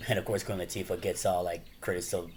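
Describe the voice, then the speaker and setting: Laid-back man rambling in a low voice. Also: level tone, fast talker, a little mellow, slight background noise. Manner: rambling, full of "you know" and "like"; laughs often while talking. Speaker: YouTuber. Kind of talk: casual chat.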